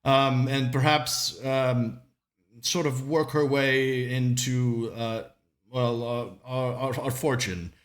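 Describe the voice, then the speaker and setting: A man's voice: mid-range voice, steady tone, slow, lightly acted. A man voicing a formal, polite wealthy older businessman who stammers and repeats himself. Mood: courteous. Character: wealthy older male timber magnate, proper.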